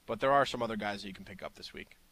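A man's voice: lowish voice, very fast, fairly bright tone. A man co-hosting a fantasy football radio show, chatting in an easygoing way and giving advice. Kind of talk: casual sports radio talk.

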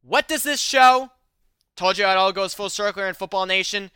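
A man with a high, very bright and sharp voice hosts a sports talk show. He delivers punchy, opinionated takes. His voice is smooth and crisp, recorded dry and close. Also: brisk, dry recording.

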